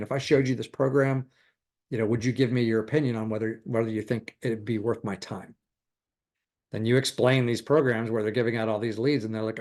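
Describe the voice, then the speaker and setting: A middle-aged man teaching a real estate recruiting class in a casual, animated way, often playing out conversations. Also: mid-range voice. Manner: animated, acts out quoted conversations, chuckles often.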